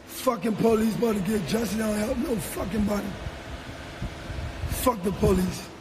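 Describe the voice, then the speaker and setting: Agitated man, strikingly high voice, shouting profanities in an outdoor standoff. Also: moderate pace, noisy background. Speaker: homeowner arguing with police.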